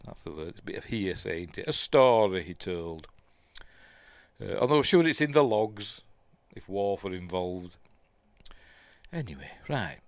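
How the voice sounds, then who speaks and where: A man's voice: on the low side, no echo. A man with a Yorkshire accent hosting a live news stream, reading headlines aloud and then chatting about them casually with plenty of fillers. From Yorkshire, England.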